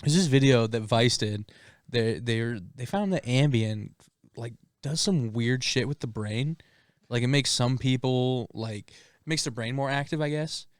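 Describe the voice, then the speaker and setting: A man's voice: medium pitch, measured pace, dry recording, studio quality. A man co-hosting a podcast in casual chat, telling stories and acting out quoted voices. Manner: animated storyteller, acts out quoted voices. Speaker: podcast co-host.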